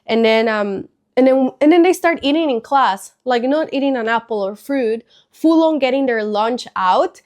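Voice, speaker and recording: Hoarse, chatty woman with a high voice. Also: lively intonation, moderate pace, hardly any pauses, a little mellow. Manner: chatty, rambling, frequent "like" and restarts; mildly upset, confiding. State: sick, hoarse voice. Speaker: casual high school teacher and faith vlog host. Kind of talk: casual storytelling chat to camera.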